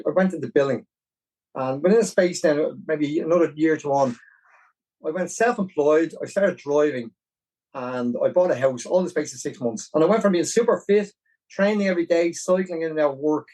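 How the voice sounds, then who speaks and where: Man, 40s, Dublin Irish accent, animated storyteller, self-mocking, higher voice, slightly distant from mic. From Ireland. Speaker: podcast guest, marathon runner. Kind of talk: casual storytelling interview.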